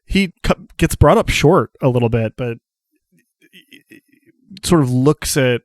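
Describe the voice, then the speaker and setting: Slow, measured man running a tabletop game. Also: medium pitch, expressive, no echo, studio quality. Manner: measured, with frequent pauses and fillers. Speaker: game master.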